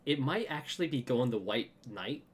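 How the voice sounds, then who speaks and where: A man's voice: medium pitch, expressive, moderate pace, husky. A man hosting a podcast in casual chat, telling stories and laughing often. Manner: chatty storyteller, laughs often. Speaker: podcast host.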